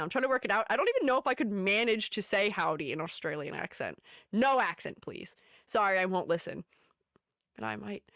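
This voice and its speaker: A woman's voice: mid-range voice, fairly bright tone, dry recording, studio quality. A woman streamer chatting casually and rambling with her audience, giggling often. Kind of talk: casual live-stream chat.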